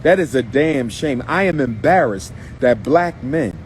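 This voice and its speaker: A man's voice: mid-range voice, expressive, a little slow, a little hiss or hum, poor audio. A man giving an emphatic, repetitive, preacher-like live video monologue, speaking from in or near a car outdoors. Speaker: activist livestreamer.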